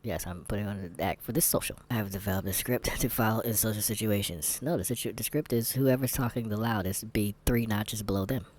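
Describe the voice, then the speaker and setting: A man's voice: fairly low pitch, a little fast, few pauses, a little mellow. A man vlogging candid commentary while taking a test, rambling, sarcastic and muttering asides to himself.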